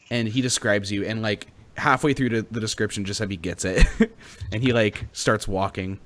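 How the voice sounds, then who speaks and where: A man's voice: fairly low pitch, moderate pace, fairly bright tone. A young man narrating as game master in a rambling, filler-heavy way. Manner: rambling, full of fillers and restarts.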